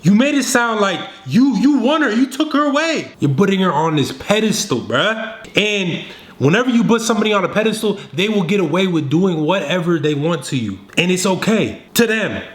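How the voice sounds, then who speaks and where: A man making a dating advice video, talking straight to the viewer in a slangy, scolding, animated way. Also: high-pitched, normal speed, roomy sound. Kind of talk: direct-to-camera coaching.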